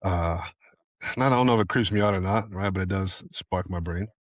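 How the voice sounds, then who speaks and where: A man's voice: low-pitched, brisk, no echo. A man co-hosting a casual podcast chat. He laughs often, talks loosely with some swearing, and trails off and restarts his sentences. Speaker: podcast co-host.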